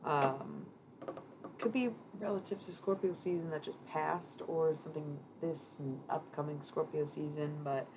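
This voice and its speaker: A deep-voiced woman rambling casually through a live tarot card reading, swearing now and then. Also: creaky. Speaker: tarot reader streamer. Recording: noisy room ambience.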